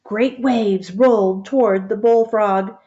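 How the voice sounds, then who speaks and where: A woman reading a picture book aloud, gentle and expressive, stopping to point out the pictures. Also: medium pitch, takes it slowly, dull audio. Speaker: storybook reader.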